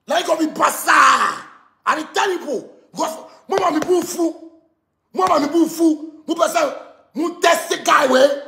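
A Ghanaian-accented man, a musician, in a heated rant that switches between pidgin and English and often breaks into shouting. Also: very high voice, vocal fry, echoey room. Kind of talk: angry rant.

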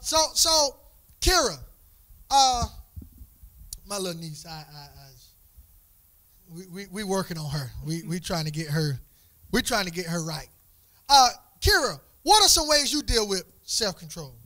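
A man's voice: sits high, very animated, sharp tone, dry recording. A man teaching young people at church in a casual, playful way, stumbling over repeated words and asking them questions. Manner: repeats words in quick restarts, asks the group questions.

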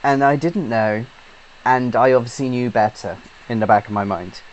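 A man's voice: medium pitch, normal speed, poor audio. A British man, a YouTube gamer, giving a casual rambling update, chatty and swearing freely with lots of fillers and restarts. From Britain.

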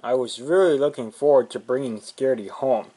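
A man's voice: medium pitch, fairly quick, mellow, lightly acted. Toy truck leader, kindly and subdued, in the man's own voice. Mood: downcast.

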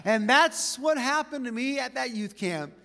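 A man preaching a sermon to a church, telling personal stories with quick asides and light laughter. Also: very high voice, lively intonation, gravelly, pushed and bright. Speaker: pastor. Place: church auditorium with long reverb. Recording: reverberant church hall.

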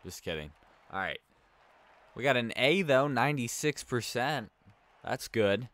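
A man giving casual, chatty commentary over a video game he is playing, rambling between quick reactions to the action. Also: medium pitch, lively intonation, fairly bright tone. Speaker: let's play host.

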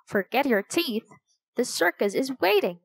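A woman's voice: high-pitched, very animated, a little slow, creaky, no echo, voice pushed up, exaggerated voice. A woman voicing a playful boy who grumbles and jokes, in a children's storybook reading. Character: boy, joking and a bit whiny.

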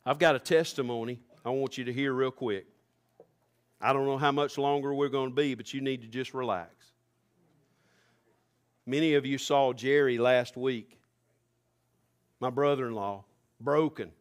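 A male pastor preaching a sermon, rising fervently to near-shouts. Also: mid-range voice, fairly even intonation, normal speed, pauses often, clean tone.

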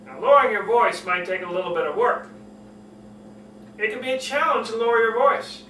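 A man teaching public speaking, earnestly repeating key points and showing how to lower and slow his voice. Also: expressive, pushed and bright, roomy sound, distant mic, a little hiss or hum, rough recording. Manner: earnest, repetitive, demonstrates lowering and slowing his voice. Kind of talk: spoken lesson to camera.

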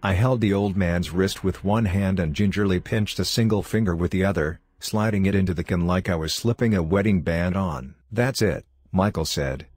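A man narrating a horror story in a steady, confessional telling. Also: low-pitched, moderate pace, few pauses, no echo.

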